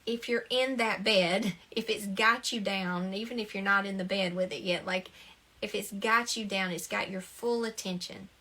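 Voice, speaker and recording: A middle-aged woman in an informal talk on self-help, earnest and reassuring. She speaks at an ordinary mid pitch, circles back over her phrases, and keeps a light, encouraging tone. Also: steady tone, normal speed, bright, forceful tone. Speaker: spiritual talk host.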